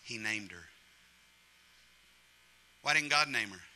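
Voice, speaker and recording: Bright-voiced joking male preacher. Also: lowish voice, slow. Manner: humorous, animated preaching with acted-out quotes. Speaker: pastor. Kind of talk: sermon.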